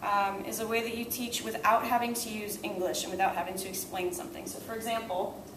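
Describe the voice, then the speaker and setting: A woman's voice: medium pitch, steady tone, a little fast, noisy background. Woman teacher, far off in an echoey room. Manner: explains step by step, asks "right?" often. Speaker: language teacher. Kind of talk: classroom explanation of teaching techniques.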